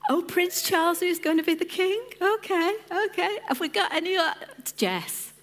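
A woman's voice: very high voice, normal speed. A woman from a church lead team giving an informal sermon, chatting and joking with the congregation and asking them questions. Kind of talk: informal sermon with audience interaction. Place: church service.

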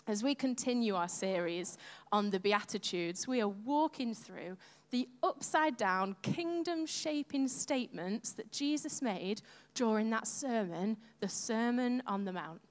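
A woman's voice: a little high, expressive, measured pace, few pauses. A woman leading a church service, speaking in a chatty, upbeat way as she opens the sermon. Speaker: church leader. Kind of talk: sermon introduction. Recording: long hall reverb.

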